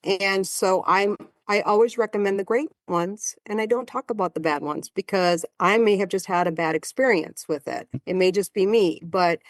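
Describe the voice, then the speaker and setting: A woman in her sixties, a marathon runner guesting on a podcast, telling stories in a chatty, animated way. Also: medium pitch, moderate pace, few pauses, no echo, clean studio sound. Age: 60s. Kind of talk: casual storytelling chat.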